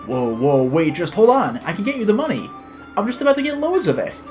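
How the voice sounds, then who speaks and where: A shrill, whiny grown man pleads and nags as if he might burst into tears at any moment, voiced by a streamer reading a visual novel aloud. His pitch jumps all over the place, and faint music plays under the voice. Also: big pitch swings, brisk, close to an everyday voice. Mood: pleading. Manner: pleading, high-pitched and loud.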